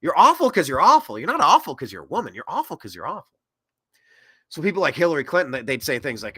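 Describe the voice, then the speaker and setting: Lively, bright-voiced male commentary host. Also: fairly high pitch, fast, husky. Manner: rambling and sarcastic, with mocking put-on quotes. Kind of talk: opinionated political commentary.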